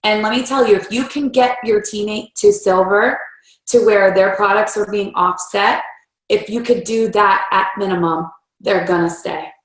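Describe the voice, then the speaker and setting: A woman's voice: mid-range voice, moderate pace. A woman leading a team training, giving a motivational talk and acting out quoted voices along the way. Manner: animated, acts out voices in quotes. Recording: roomy echo.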